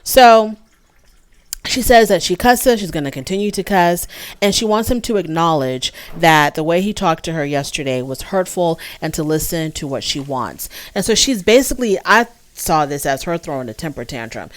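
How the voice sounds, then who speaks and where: Woman, show reviewer, opinionated, chatty, lowish voice, dry sound. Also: animated, moderate pace, no room sound. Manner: opinionated, chatty, many fillers. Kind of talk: casual recap commentary.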